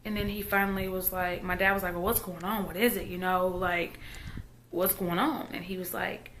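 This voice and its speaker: A Southern woman in her thirties talks in a personal vlog, her voice on the lower side. She speaks quietly and haltingly, often trailing off mid-thought. A faint noise sits under the recording. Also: steady tone. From Texas. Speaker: vlogger.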